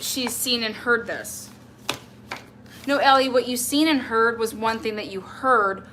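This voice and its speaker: A livestream host with a higher-pitched, sharp-toned voice rants in exasperation, confronting someone who isn't there as if speaking right to them. There's a slight bit of background noise.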